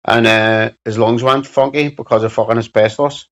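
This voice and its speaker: A man's voice: mid-range voice, steady tone, normal speed, dull audio. A man with a Belfast accent chatting casually on a livestream, reading out chat and answering with sweary, mocking banter.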